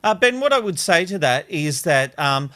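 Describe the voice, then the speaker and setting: A man's voice: on the high side, big pitch swings, normal speed, a bit bright. A man hosting a talk show, reading a news item and then pressing his co-hosts with pointed questions. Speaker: host. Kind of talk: news segment and panel debate.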